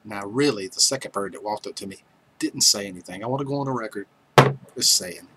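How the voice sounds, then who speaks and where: A man's voice: fairly low pitch, brisk, bright, forceful tone, a little hiss or hum, poor audio. A man hosting a livestream, chatting casually and joking with viewers as he reads their names aloud. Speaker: livestream host. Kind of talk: casual chat with live viewers.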